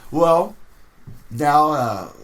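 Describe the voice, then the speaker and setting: A fishing captain telling rambling, animated stories in a podcast interview. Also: male voice, a little high, drawn-out words.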